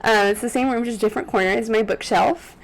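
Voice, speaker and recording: A young woman in her twenties chats to the camera from a corner of her apartment room, recorded on a desk microphone. She rambles and corrects herself often, filling pauses with ums, and her voice sounds teary and close to breaking. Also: a little high, poor audio. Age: 20s. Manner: chatty, rambling, with many ums and self-corrections. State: tearful, on the verge of crying. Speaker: vlogger. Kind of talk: casual vlog talk to camera. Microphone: USB desk microphone.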